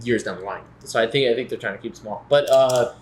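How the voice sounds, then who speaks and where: A man in his twenties co-hosting a podcast, asking quick probing questions in casual chat. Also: medium pitch, a little hiss or hum. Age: 20s. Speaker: podcast co-host.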